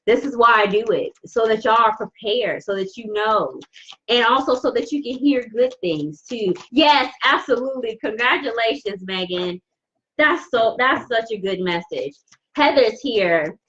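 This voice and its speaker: A woman's voice: a little high, animated, unhurried, a bit bright, muffled recording. A woman giving a live-streamed tarot reading, effusive and repeating phrases for emphasis. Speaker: tarot reader.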